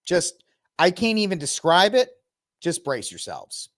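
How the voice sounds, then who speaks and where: A man's voice: sits high, unhurried, noisy background. A man in his thirties from Texas, hosting an opinionated reaction commentary with mocking asides. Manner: animated, opinionated, mocking impressions. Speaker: commentary host.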